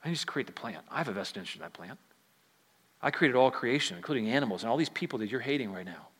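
A man voicing a patient God who calmly reasons with a prophet, in a reverberant hall. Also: mid-range voice, quick pace. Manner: calm, patient questioning.

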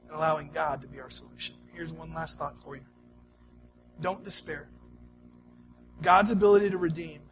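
A male pastor delivering a sermon in a conversational, storytelling way, swinging between soft, quiet stretches and emphatic ones. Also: a little high, a little hiss or hum.

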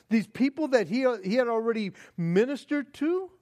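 A man's voice: very high voice, moderate pace. A male pastor preaching a sermon, acting out panicked pleas and laughing often between points. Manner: animated, acts out panicked pleas with frequent laughs.

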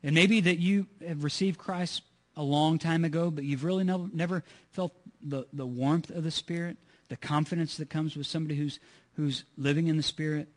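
A man with a high voice preaches to his congregation. He talks earnestly, repeats his points and asks rhetorical questions. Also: steady tone, normal speed. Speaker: pastor. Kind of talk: sermon.

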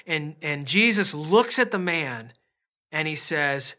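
Bright-voiced man giving a chatty sermon. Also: a little high, lively intonation, slow. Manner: chatty and self-deprecating, with storytelling asides. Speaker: pastor. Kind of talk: casual conversational sermon.

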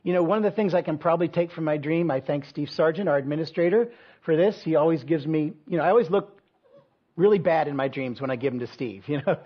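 A pastor preaching in a loose, chatty way, filling his story with ums and self-deprecating asides. His voice is husky and a little higher than most men's. The recording sounds dull and lo-fi. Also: fast talker. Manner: conversational, self-deprecating storytelling with many fillers. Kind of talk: sermon with personal story.

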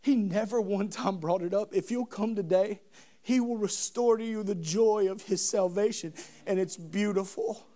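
A man preaching a sermon, telling the story in an animated, humorous, conversational way. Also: high voice, normal speed.

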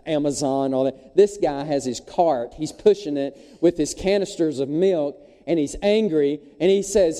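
A man, preaching a sermon in a folksy, animated storytelling way. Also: fairly high pitch, long reverb tail. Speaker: pastor. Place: church sanctuary.

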